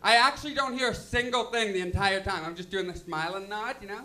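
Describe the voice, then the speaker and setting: Bright-voiced young comic. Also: male voice, high-pitched, quick pace, hardly any pauses. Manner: self-deprecating, loose, filler-heavy delivery. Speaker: stand-up comedian. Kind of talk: stand-up comedy set. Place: comedy lounge stage.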